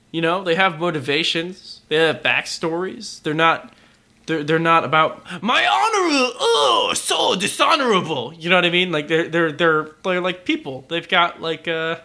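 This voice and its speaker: A podcast co-host in loose, casual conversation. His voice sits a bit high and rings bright and forward. He stammers often, repeating words while he works out what to say. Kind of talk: casual chat.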